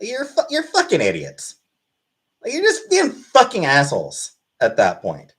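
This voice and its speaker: A woman's voice: fairly low pitch, wildly swooping pitch, a little slow, poor audio. Profane, angry woman ranting live. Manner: mocking, exasperated. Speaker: livestreamer reading chat. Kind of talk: live-stream rant.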